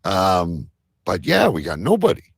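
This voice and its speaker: Gravelly low-voiced man, rambling and joking. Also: huge pitch swings, a little slow, no echo, studio quality. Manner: rambling, joking, swears casually. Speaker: co-host. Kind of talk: casual live-stream chat.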